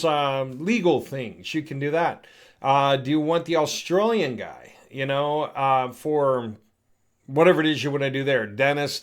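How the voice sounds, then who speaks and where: A man giving a casual, rambling walkthrough of a software product, thinking aloud as he clicks through settings. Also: a little high. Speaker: software demo presenter. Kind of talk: casual screen-recorded product demo.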